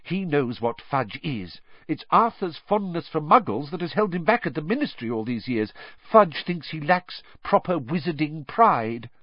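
A man's voice: on the high side, very animated, moderate pace, no echo, voice pushed up. Brief: a worried, resolute mother, put on by a man in a raised, earnest voice; audiobook, dull dry recording. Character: anxious but resolute mother, middle-aged woman.

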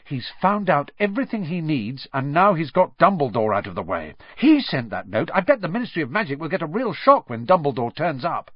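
Man voicing a defiant schoolboy hero, urgent, lively pitch swings, storybook reading. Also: fairly quick, hardly any pauses, slightly rough, dry recording, highs cut off. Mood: determined. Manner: urgent, pleading, emphatic.

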